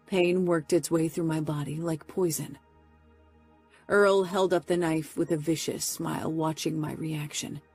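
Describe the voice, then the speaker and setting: Breathy low-voiced woman narrating. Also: warm tone. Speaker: audiobook narrator. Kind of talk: first-person romance audiobook narration.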